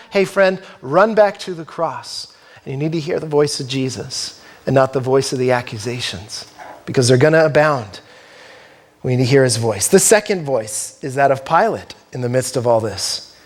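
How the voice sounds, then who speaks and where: A man preaching an earnest expository sermon as pastor. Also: a little high. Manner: earnest, expository, acts out quotes.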